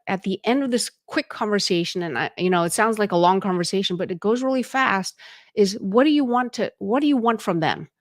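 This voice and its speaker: Low-voiced woman coaching in a dry room. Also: dry recording. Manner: conversational, many fillers and restarts. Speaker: podcast host and leadership coach. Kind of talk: casual instructional talk.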